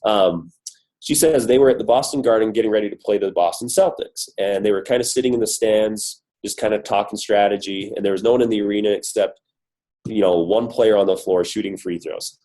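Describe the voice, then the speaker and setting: On a team coaching call, a corporate guest speaker fights through a cold, his voice worn yet upbeat and emphatic as he fires off rhetorical questions. He speaks briskly, with a low pitch and dark tone, over a low-quality recording.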